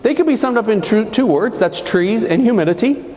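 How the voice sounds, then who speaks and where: Folksy, lively man telling funny stories. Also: high voice, a little fast. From New Mexico, USA. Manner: folksy, animated, joking. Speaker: keynote speaker. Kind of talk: humorous storytelling speech. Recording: echoey hall with faint background noise.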